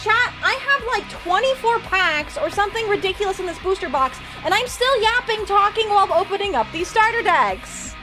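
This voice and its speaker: A woman streamer chatting casually and rambling while opening trading cards, quick to laugh. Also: very high-pitched. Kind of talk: casual live-stream chat.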